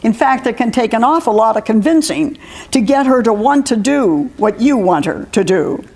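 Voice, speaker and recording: A woman's voice: fairly high pitch, lively intonation, normal speed, a little mellow, breathy edge. A woman author reading her own personal story aloud, with wry humor and frequent laughter.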